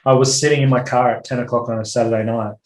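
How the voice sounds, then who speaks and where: An Australian man co-hosting a podcast, chatting in a laid-back, easygoing way and trailing off softly. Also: medium pitch, fairly even intonation, very fast. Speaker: podcast co-host. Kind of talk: casual chat between mates. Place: home office. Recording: roomy echoey room.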